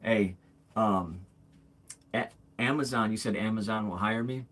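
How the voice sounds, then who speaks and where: Very deep husky man chatting casually. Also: measured pace, a bit bright. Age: 40s. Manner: rambling, frequent fillers and restarts; candid, calls viewers bro and man. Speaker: livestream host. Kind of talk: casual livestream chat.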